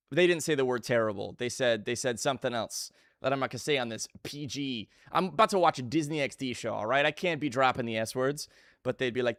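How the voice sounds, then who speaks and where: A man in his twenties chatting casually with his live stream viewers, energetic and jokey, greeting chat by name. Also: medium pitch, quick pace, dry recording, studio quality.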